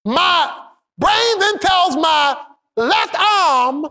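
A man preaching with a high, lively voice that climbs into shouts and then drops low. He calls on the congregation to repeat his words to their neighbors. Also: slow pace. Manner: emphatic preaching, swinging between shouted peaks and low asides; call-and-response, has the congregation repeat lines. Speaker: pastor. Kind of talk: sermon.

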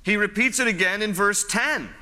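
A man's voice: high voice, moderate pace, pushed and bright. A man preaching a sermon in a conversational way, repeating phrases for emphasis. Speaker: pastor. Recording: long hall reverb.

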